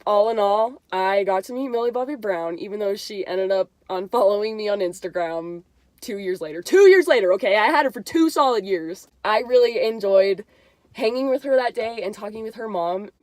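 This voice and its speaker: A young woman telling a story to her vlog audience, chatty and excitable and full of "like.". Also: mid-range voice, moderate pace, dry recording. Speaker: vlogger. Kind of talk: casual storytelling.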